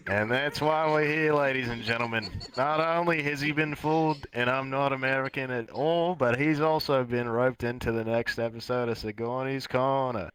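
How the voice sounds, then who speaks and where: A man putting on a fake Australian accent, excitedly ranting as a conspiracy-minded bloke in a comedic improv bit. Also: normal speed, hardly any pauses, smooth, lightly acted. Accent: put-on Australian. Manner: excitable, shouting conspiracy pitch.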